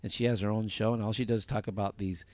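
A man's voice: fairly low pitch, fairly even intonation, fast talker, darkish tone, no echo. A man co-hosting a casual podcast who rambles, restarts, and reads out listener comments. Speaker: podcast co-host.

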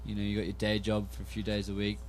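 A man's voice: on the low side, monotone, racing, soft background music. Easygoing Australian male musician. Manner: easygoing, filler-heavy. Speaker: musician guest. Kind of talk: casual interview.

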